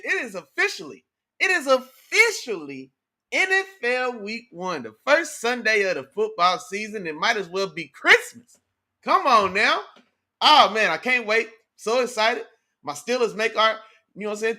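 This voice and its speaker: Hyped high-voiced man hosting sports chat. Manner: hyped, slangy, shouts out chat viewers. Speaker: sports talk livestream host. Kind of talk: casual livestream sports chat.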